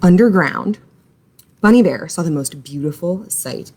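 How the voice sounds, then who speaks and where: A woman reading a children's picture book aloud at a slow, unhurried pace. Her pitch swings in a lively way, and her voice has a soft, breathy texture. She leans into every line to hold young listeners. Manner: expressive, slow, animated. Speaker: library storytime reader. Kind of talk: children's story read-aloud.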